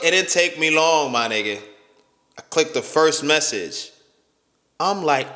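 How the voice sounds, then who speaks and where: A young man with a bright, slightly high voice tells a story in loose slang, tripping over his words now and then. He slips into voices for the people in it. The recording sounds like a bare room, with a long echo trailing each line. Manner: slangy, stammering, acts out quoted voices. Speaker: storytime vlogger. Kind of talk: casual storytelling. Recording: echoey room with long reverb.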